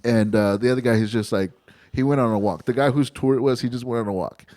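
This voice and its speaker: A male comedian tells a road story on his podcast. His delivery is casual, animated and full of swearing. His voice sits at an ordinary middle pitch for a man, and he often breaks into quick impressions of the people involved. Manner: profane, animated storyteller who acts out quoted people.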